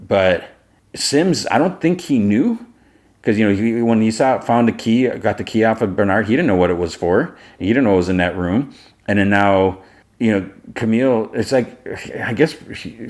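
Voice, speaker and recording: A man with a low voice hosts a podcast and recaps an episode casually. He rambles and fills his talk with loose asides. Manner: rambling, loose, full of fillers. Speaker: podcast host.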